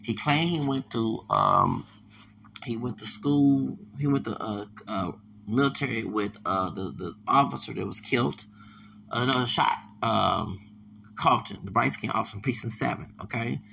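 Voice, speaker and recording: Gravelly, tense-voiced man in his 40s; rambling solo podcast, lots of restarts. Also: medium pitch, unhurried, pushed and bright, a little hiss or hum. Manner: digressive, repetitive, stumbling restarts.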